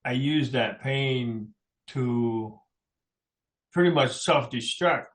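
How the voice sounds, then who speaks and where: A man's voice: medium pitch, slow pace. A middle-aged man, a musician guest in a radio studio, tells personal stories in a rambling, anecdotal way with frequent chuckles. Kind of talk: personal storytelling in a radio interview.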